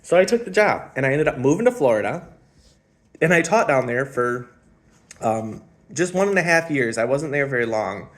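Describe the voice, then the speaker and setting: A man in his thirties tells his own story in a loose, casual vlog style. His voice sits at an ordinary middle pitch. He drifts and reflects as he goes, filling pauses with frequent ums. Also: animated. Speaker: spiritual channeler and former music teacher.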